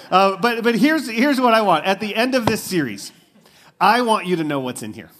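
Male pastor, fairly high-pitched voice, relaxed chatty sermon delivery, church setting. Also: brisk. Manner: casual, conversational preaching with fillers and asides.

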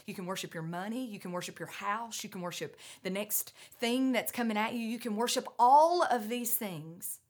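A woman preaching a sermon, out of breath, earnest and emphatic, moving between loud urging and hushed lines. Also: mid-range voice.

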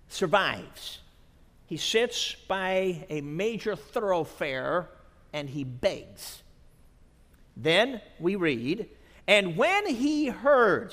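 A man preaching a sermon at a conference, dramatic, dropping to a hush and then rising to shouts. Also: sits high. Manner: dramatic, swings from hushed to shouting. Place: large conference hall. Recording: long reverb of a large hall.

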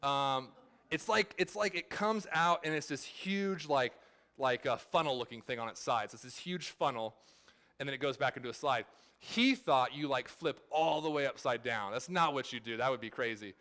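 A man in his thirties preaching a sermon, telling a family story in a relaxed, conversational way with many filler words. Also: medium pitch, moderate pace. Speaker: pastor.

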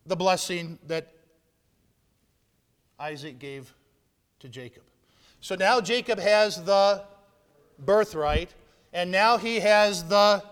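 A man preaching a sermon, retelling a Bible story with lively shifts between loud narration and hushed asides. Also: sits high, clean tone. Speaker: pastor. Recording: long hall reverb.

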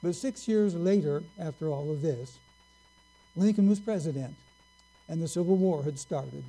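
A man preaching a sermon, telling a story slowly and earnestly and drawing out his key words. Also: on the high side, mellow, rough recording.

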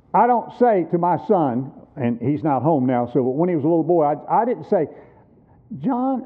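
A man in his sixties preaching a sermon at a missions conference, emphatic and teaching with rhetorical questions. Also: a little high. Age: 60s. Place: church. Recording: tinny phone-like sound.

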